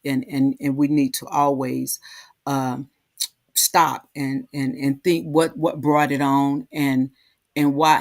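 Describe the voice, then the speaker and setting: A woman hosting a heartfelt, casual talk, halting and repeating herself, often asking "right?". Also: deep voice, fairly even intonation, no room sound, studio quality. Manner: halting, repeats words, frequent "right?" tags. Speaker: host.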